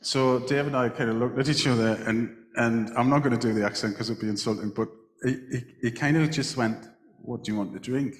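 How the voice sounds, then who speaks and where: Speaking briskly with few pauses, this Englishman has a mid-range voice and fairly even intonation. He's the guest at a live talk in a big book festival hall, restarting often as he tells a long anecdote, with the space's echo and reverb audible.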